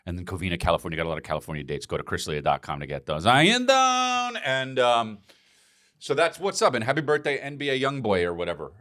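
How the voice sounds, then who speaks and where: A man co-hosting a podcast in casual banter, animated and breaking into shouted sound effects. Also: low-pitched, racing, few pauses, dry recording, studio quality. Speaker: podcast co-host.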